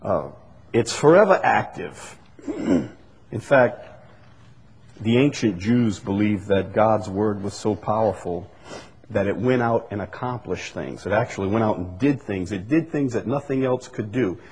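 Preacher guy, husky voice, lotsa up and down in pitch, long church echo. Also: animated, measured pace, a little mellow. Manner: repetitive, emphatic preaching with rising bursts. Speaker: pastor. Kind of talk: sermon. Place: church sanctuary. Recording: long hall reverb.

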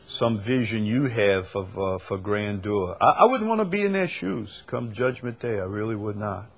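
A man's voice: lowish voice, animated, moderate pace, creaky, a little hiss or hum. A man hosting a preaching talk show, emphatic and repeating his key points. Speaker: host.

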